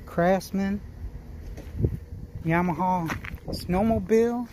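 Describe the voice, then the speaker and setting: A man's voice: high voice, background noise. A man hosting his own channel, chatting and musing aloud in casual commentary as he walks through an outdoor equipment auction yard. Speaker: small-engine flipping channel host.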